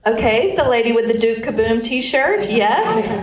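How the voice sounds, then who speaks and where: A woman moderator briskly hands out turns to ask questions. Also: fairly high pitch, lively intonation, crowd noise. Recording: echoey room, distant mic, noise.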